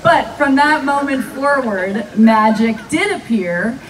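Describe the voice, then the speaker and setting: A woman actress telling lively stories as a guest at a live fan panel, often laughing. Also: on the high side, slow. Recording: distant mic with faint background noise.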